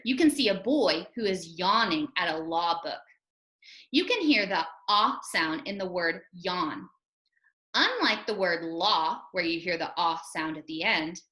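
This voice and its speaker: A female first grade teacher speaking slowly and clearly to young children, patiently sounding out each phonics sound. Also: medium pitch, pushed and bright. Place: home or classroom, recorded for a school TV video. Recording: echoey room.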